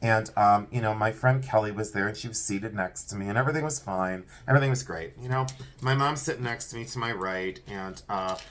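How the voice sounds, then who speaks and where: A man's voice: fairly low pitch, a bit bright. A man hosting a vintage jewelry sale preview, chatting enthusiastically and telling a rambling story. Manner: chatty, enthusiastic, talks fast and repeats himself. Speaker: host selling vintage jewelry. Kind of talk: casual live-sale chat and storytelling.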